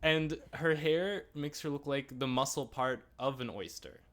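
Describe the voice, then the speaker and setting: A man's voice: a little high, a little slow, fairly bright tone. A man co-hosting a casual review chat, talking in a rambling, chatty way full of asides. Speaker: podcast co-host.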